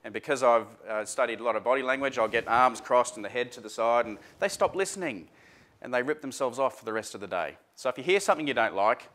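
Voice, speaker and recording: A man's voice: mid-range voice, fairly bright tone. A man presenting a workshop seminar to a live audience in a chatty, informal way, full of fillers and restarts. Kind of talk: casual workshop talk.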